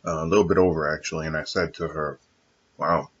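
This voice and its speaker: A man talking to his viewers in a casual, reflective monologue. He is measured and earnest, pausing often with fillers. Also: rumbling low, fairly even intonation, a bit bright, breathy edge, lo-fi sound. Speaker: vlogger addressing his viewers.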